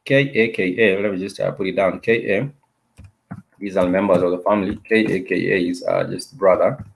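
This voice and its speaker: Guy teaching an online language class, lowish voice, stumbles and repeats a lot, goes slow over examples. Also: steady tone, creaky, a little hiss or hum. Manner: hesitant, repeats words and restarts often; explains patiently, repeating examples slowly. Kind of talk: casual online lesson.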